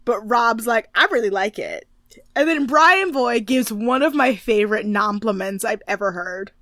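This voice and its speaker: A woman's voice: a little high, moderate pace, fairly bright tone, dry recording, clean studio sound. A woman co-hosting a podcast, chatting casually in a recap and acting out quotes in mock voices. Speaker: podcast co-host.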